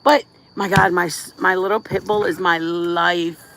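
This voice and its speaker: A woman's voice: on the low side, fairly even intonation, measured pace, fairly bright tone, a little hiss or hum. A middle-aged woman from Michigan hosting a casual livestream outdoors at night, chatting in a rambling way full of fillers and restarts. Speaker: livestream host. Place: outdoors at night, crickets around.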